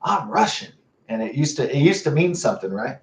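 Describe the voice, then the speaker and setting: A young man rambling in a halting monologue, full of fillers and restarts. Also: medium pitch, animated, darkish tone. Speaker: vlogger. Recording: roomy, muffled, from a distance.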